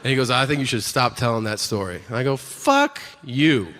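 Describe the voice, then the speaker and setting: A man's voice: rapid-fire, a bit bright. A middle-aged man doing a stand-up comedy set, profane, acting out both sides of conversations. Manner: profane, acts out both sides of dialogues with low voices. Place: comedy venue stage. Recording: live stage set with long reverb and faint room noise.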